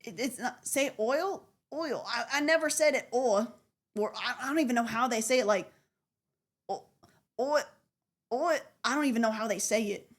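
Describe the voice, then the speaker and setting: A woman streamer talks in a relaxed, casual way, and a light Southern US accent slips into her speech. She sounds self-conscious, often stops and repeats words as she explains herself. Her voice sits a little high. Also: a little fast.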